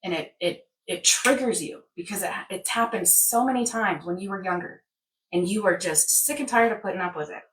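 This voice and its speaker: A woman's voice: medium pitch, fairly quick, far from the mic. A woman in casual wellness chat who rambles and acts out everyday scenarios. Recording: echoey room, off-mic.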